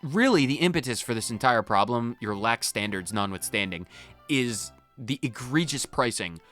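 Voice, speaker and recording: A man's voice: medium pitch, expressive, moderate pace, fairly bright tone, faint music behind. A man, a gaming channel host, reading game dialogue aloud in a playful, theatrical way with stumbles and asides.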